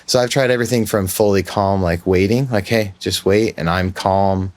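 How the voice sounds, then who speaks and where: Low-voiced man telling a candid story. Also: moderate pace, darkish tone, slight background noise. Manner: candid, rambling, self-reflective. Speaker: podcast host. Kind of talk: casual storytelling.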